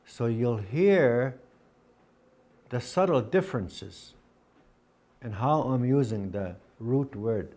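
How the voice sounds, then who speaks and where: Here the Dakota teacher speaks in a mellow, mid-range voice that is expressive and slow, with frequent pauses. He patiently says words repeatedly and drills contrasting word pairs aloud in this spoken language lesson.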